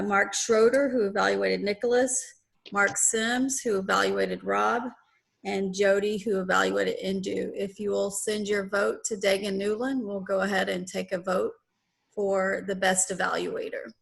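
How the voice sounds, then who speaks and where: A woman acting as general evaluator, briskly announcing speakers and votes in an online meeting. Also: medium pitch, little pitch movement, gravelly. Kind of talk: meeting chairing.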